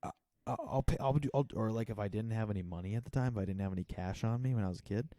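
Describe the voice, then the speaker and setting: A man's voice: lowish voice, very fast, warm tone, no room sound. A man in his twenties co-hosting a podcast in a casual, rambling chat full of filler words. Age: 20s. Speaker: podcast co-host.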